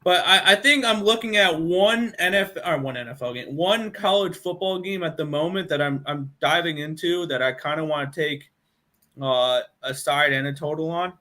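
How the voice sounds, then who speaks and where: A man's voice: on the high side, moderate pace, bright, forceful tone. A man on a sports betting show, chatty and teasing his co-hosts. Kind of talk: casual sports betting chat.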